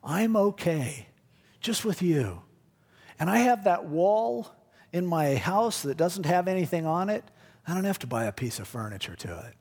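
A man's voice: high voice, expressive, normal speed, darkish tone, big-room sound. A male pastor giving a conversational, jokey sermon. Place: church.

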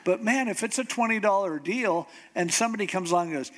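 Lively, animated preacher with a high voice. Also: male voice, a little fast, few pauses. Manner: animated storytelling, acts out quoted voices. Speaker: pastor. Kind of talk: humorous sermon.

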